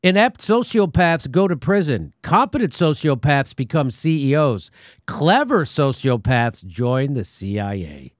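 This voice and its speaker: A man's voice: fairly high pitch, sing-song, measured pace, no echo, studio quality. A man hosting a political commentary show, talking in a sarcastic, mocking way. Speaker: show host.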